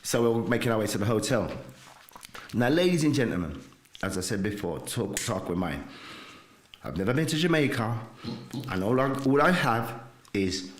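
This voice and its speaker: A man from England, a podcast guest, telling a lively story and often calling out to the audience. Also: medium pitch, normal speed, pauses often, roomy sound. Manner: lively, exclaims to the audience, slips into quoted voices. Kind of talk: animated storytelling.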